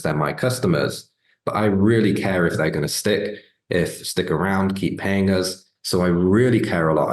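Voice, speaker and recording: A man's voice: low voice, roomy sound. A man teaching sales skills in a casual, earnest talk, often checking in with "right?" and "okay?". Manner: conversational, repeated "right?" and "okay?" check-ins. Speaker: sales coach. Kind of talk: business training talk.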